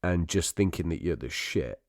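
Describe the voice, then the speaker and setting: A man's voice: low-pitched, lively intonation, moderate pace, creaky, dry recording, clean studio sound. A man co-hosting a podcast in a casual comedy chat, laughing often and swearing freely as he riffs on silly ideas. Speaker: podcast co-host.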